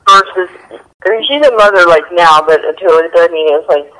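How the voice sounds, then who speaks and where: A man's voice: sits high, fairly quick, bright, forceful tone, rough recording. A man chatting enthusiastically as a podcast guest, laughing often and saying "like" a lot. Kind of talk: casual chat.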